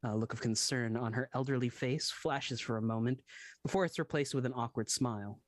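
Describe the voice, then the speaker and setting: A man narrating a tabletop game as its game master, in a measured storytelling way. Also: medium pitch, no room sound.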